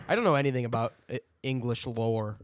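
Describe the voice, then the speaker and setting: A man's voice: mid-range voice, moderate pace, clear, resonant tone, no echo. Podcast co-host: young American man, crude and jokey, dry close mic. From United States. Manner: crude, joking, swears freely. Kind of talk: casual chat.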